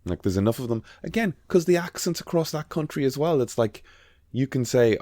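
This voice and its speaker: A man's voice: medium pitch, big pitch swings, a little fast, few pauses, dark tone, no echo. An Irish man co-hosting a podcast in casual chat, rambling and swearing freely with lots of restarts. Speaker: podcast co-host.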